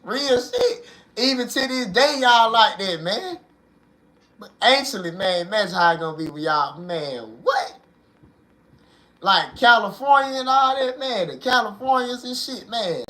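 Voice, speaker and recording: A young man hosting his own channel, talking straight to viewers in an animated, slangy monologue and leaning on "bro" and "man". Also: high voice, normal speed. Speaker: video host.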